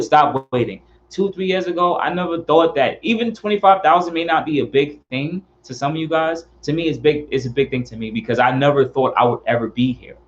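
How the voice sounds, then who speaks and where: A man's voice: a little high, lo-fi sound, slight background noise. A man hosting his car channel, talking in an earnest, rambling, heartfelt way and repeating himself. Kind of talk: casual heartfelt vlog talk.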